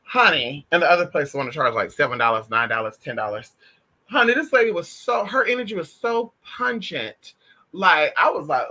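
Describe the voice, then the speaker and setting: A man chatting casually on a stream, sassy and animated, calling listeners honey and girl, swearing freely as he tells stories. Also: a little high, normal speed. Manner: profane and emphatic. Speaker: spiritual vlogger. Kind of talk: casual livestream chat.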